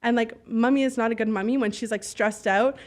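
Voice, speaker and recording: A woman from Canada, a guest in a casual interview, tells her stories bluntly and with plenty of energy. Her voice sits a bit high, and she peppers her speech with "like" and the odd curse while she acts out what other people said. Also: fairly quick. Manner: animated, blunt storyteller who swears; fillers and acted-out dialogue. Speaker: podcast guest, business owner.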